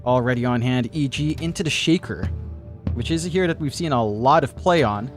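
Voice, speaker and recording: Filipino male esports caster, playful teasing banter, mid-pitched, faint music underneath. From Philippines. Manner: playful, teasing, quick to laugh.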